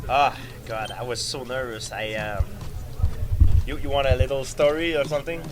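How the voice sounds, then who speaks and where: A man with a French Canadian accent, a fighter telling a story at a press interview, halting with lots of fillers and restarts. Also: mid-range voice, fairly even intonation, over music. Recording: noisy crowded event. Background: crowd chatter.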